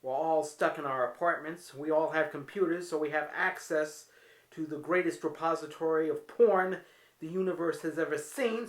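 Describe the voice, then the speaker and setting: A man's voice: a little high, moderate pace. A man vlogging casually from his apartment, telling stories with wry, candid, self-mocking humor. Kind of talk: casual home vlog storytelling. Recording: roomy echoey room.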